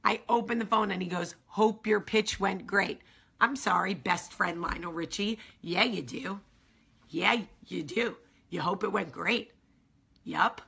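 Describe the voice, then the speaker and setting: A woman hosting a vlog tells a story to her viewers in a lively, chatty way, swearing freely as she goes. Her voice is bright and forceful, with a gravelly, husky edge and plenty of vocal fry. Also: fairly low pitch, a little slow. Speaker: vlog host. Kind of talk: casual storytelling to camera.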